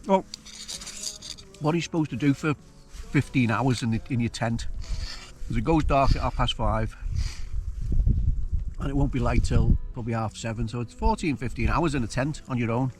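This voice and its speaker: An outdoor vlogger cooks and camps solo on a hilltop, chatting and musing aloud in a casual camping vlog. His mid-range voice has a darkish tone and moderate pace with frequent pauses, and faint music plays behind him.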